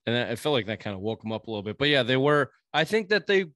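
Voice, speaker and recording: A man with a New England accent rambles through sports talk on a casual podcast, dropping swears and fillers as he goes. His voice sits at an ordinary middle pitch, and the sound is dry and close to the mic. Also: sing-song, very fast, a bit bright, no room sound. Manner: rambling, profane, frequent fillers.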